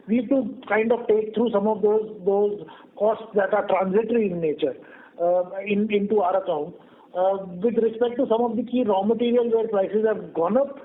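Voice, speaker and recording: A high-pitched man speaks as a company executive on an earnings call, answering analysts in a measured, frank way with frequent hesitations. The sound is tinny, as if heard over a phone line. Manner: measured, frank, many fillers.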